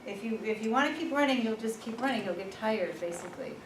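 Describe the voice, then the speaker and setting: A woman presenting a workshop, telling personal stories in a lively, informal way and laughing at herself. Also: on the high side, fast talker. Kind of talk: personal storytelling in a workshop talk. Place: workshop room. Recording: echoey room, far from the mic, noisy.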